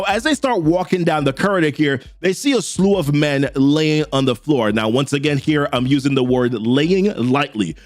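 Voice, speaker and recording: A man narrating a comic book story recap in an animated way, chuckling now and then. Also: a little high, dry recording.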